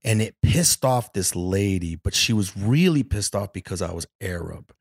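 A man in his forties from Detroit, a podcast guest telling animated, profane stories and acting out voices in them. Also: on the low side, normal speed, gravelly, slightly rough, dry recording, studio quality. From Detroit area. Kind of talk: casual storytelling in conversation.

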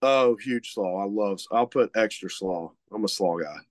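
A man's voice: fairly low pitch, normal speed, no echo. A man co-hosting a casual chat, rambling with lots of fillers and restarts. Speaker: co-host, meat market owner.

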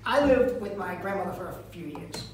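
A man's voice: high-pitched, brisk, distant mic. Man, brash stand-up comic, echoey venue, recorded from afar, faint room hum. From Lynn, Massachusetts. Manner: brash, profane storytelling. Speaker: stand-up comedian. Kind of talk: stand-up comedy set. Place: live comedy venue.

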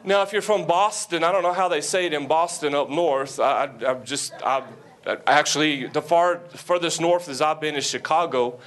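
Southern male guest pastor, slightly high voice, folksy sermon delivery with jokes and emphatic peaks. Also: moderate pace, fairly bright tone. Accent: Southern American. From American South. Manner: folksy, joking asides, rising to emphatic preaching. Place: church sanctuary before a congregation.

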